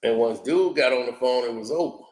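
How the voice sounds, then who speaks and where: A man's voice: mid-range voice, fairly quick, darkish tone, echoey room. A man giving casual commentary on an interview, telling stories animatedly, acting out quotes and laughing often.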